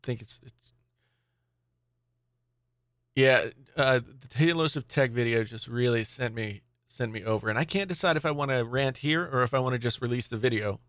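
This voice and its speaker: A man's voice: medium pitch, normal speed, a bit bright, dry recording, clean studio sound. A man hosting a casual live tech stream, rambling and distracted as he talks to his chat, angry today.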